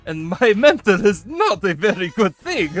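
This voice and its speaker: Man, streamer, put-on character voice, a bit high, laughs a lot, swears casually, faint music behind. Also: sing-song, normal speed, fairly bright tone. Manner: talks in a put-on character voice he uses for his persona; laughs often, swears freely. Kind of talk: casual live-stream chat.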